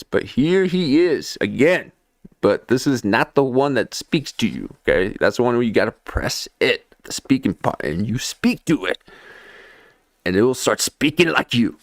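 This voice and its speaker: A man's voice: medium pitch, vocal fry, fairly bright tone, dry recording, studio quality. A man hosting a livestream in casual rambling talk, playful, with sudden sing-song jumps and constant "okay?" tags. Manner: laughs often. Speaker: livestream host.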